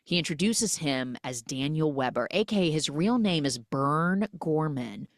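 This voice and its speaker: A woman hosting a podcast, retelling a film's plot in a lively, animated way. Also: low-pitched, a little slow, dry recording, clean studio sound. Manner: animated storytelling, acts out quoted lines. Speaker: podcast host. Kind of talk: casual movie recap.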